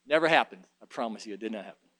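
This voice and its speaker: A man's voice: on the low side, expressive, racing, a bit bright, no echo, studio quality. A man preaching a sermon in a folksy way, mixing joking asides with fervent, emphatic exhortation.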